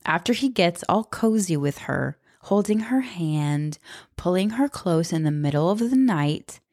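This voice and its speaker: A woman's voice: fairly low pitch, darkish tone, no echo, clean studio sound. A woman in her thirties giving blunt, sarcastic spoken commentary, swearing freely. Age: 30s. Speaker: book commentator.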